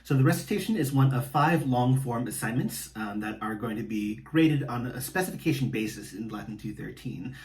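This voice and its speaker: A man who is a Latin professor, explaining an assignment in a relaxed recorded lecture with many ums. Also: mid-range voice, moderate pace, few pauses, distant mic.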